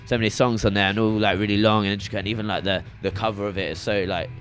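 A man's voice: lowish voice, fairly even intonation, rapid-fire, a bit bright, slight background noise. A young man chatting casually about his favourite records, rambling with many restarts. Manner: rambling, hesitant, full of restarts. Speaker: shop visitor sharing records. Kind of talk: casual chat. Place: record shop in a venue.

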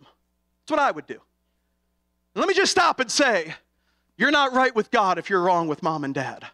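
A middle-aged man preaching an impassioned sermon, going from hushed to shouting. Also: very high-pitched. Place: college chapel.

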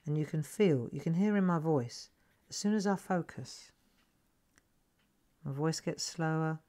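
A middle-aged woman hosting a live craft lesson, chatting gently and coaxing viewers to relax as she demonstrates. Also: low-pitched, measured pace.

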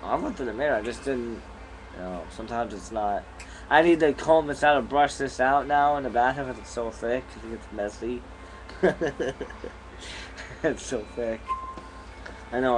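This is a low-quality camera-mic recording with a bit of hiss or hum: a young man of medium pitch chewing gum and rambling casually as he vlogs from his bedroom at home.

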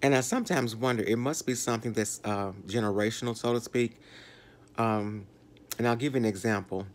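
A man in his sixties with a Southern US accent, talking slowly and reflectively to his channel viewers with many fillers and restarts. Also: medium pitch. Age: 60s. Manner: slow, rambling, with fillers and restarts. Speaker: vlogger. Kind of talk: reflective talk to camera.

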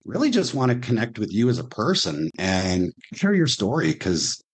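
A man's voice: on the low side, sing-song, normal speed, slightly rough. A man hosting a travel podcast, reading a scripted intro and then chatting casually with restarts and fillers. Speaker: podcast host.

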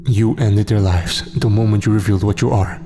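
A man's voice: on the low side, fairly even intonation, brisk, music in the background, close to an everyday voice. A man voicing a stern male god who is a father, speaking firmly and hard in a horror story. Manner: firm, hard.

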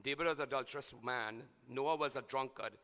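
Man, priest, sermon, bright ringing voice, call-and-response, long church reverb. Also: mid-range voice, fairly quick, clear, resonant tone. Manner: call-and-response preaching, swings from quiet to shouting.

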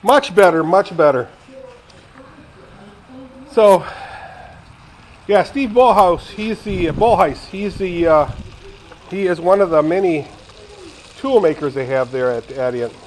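A man's voice: high-pitched, slow pace, long pauses, slight background noise, poor audio. Rambling retired man chatting while frying fish. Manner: rambling, chatty, talks straight to viewers. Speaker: vlogger. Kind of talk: casual home cooking vlog. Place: home kitchen, indoors.

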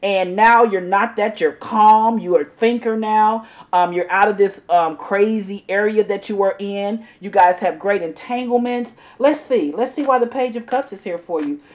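A woman's voice: mid-range voice, normal speed, few pauses, a little mellow. A woman giving an earnest, encouraging tarot reading, repeating herself and calling the listener honey. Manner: emphatic, repeats herself, says "honey" and "y'all". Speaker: tarot reader.

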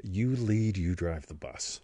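A man's voice: sits low, lively intonation, takes it slowly, mellow, dry recording, studio quality. A man co-hosting and teaching in a playful, joking and crude way, who keeps asking "right?". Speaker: co-host and teacher. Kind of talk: casual teaching chat on a livestream.

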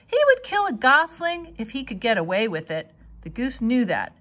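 A woman reading a children's novel aloud with expressive storytelling. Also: fairly high pitch, normal speed. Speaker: reader.

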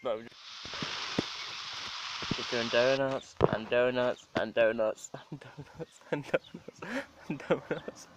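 A young man vlogging casually, swearing freely and laughing often as he gives an excited running commentary outdoors. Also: mid-range voice, slow, dull audio, a little hiss or hum. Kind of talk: casual profane vlog chatter. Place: outdoors behind a house.

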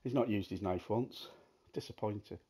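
A man's voice: lowish voice, normal speed, heavy background noise. A man giving crude, swearing, mocking commentary while playing a game. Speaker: gaming streamer. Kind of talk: gameplay commentary.

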